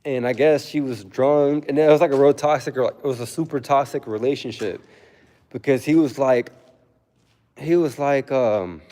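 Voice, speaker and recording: A man's voice: mid-range voice, moderate pace, warm tone, big-room sound. Casual young man telling a story. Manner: laid-back storytelling, acts out quotes, laughs often. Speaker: livestreamer. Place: home.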